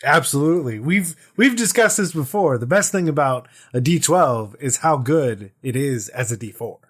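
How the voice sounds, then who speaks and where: Lively, animated male podcast co-host. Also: medium pitch, moderate pace, husky. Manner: animated, playful storytelling. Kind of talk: casual chat.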